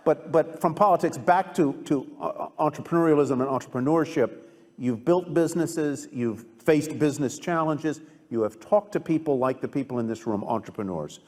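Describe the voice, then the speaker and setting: A man's voice: on the high side, normal speed, a little mellow. Man interviewing on stage in a reverberant hall. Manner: conversational, brief affirmations and steering questions. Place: large hall with a live audience. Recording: long hall reverb at a live event.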